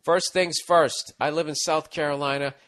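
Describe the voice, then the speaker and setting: A middle-aged man hosts a casual podcast, reading a listener's advice letter while ranting and telling stories with lots of swearing. His voice is fairly high and fairly bright, with fairly even intonation at normal speed.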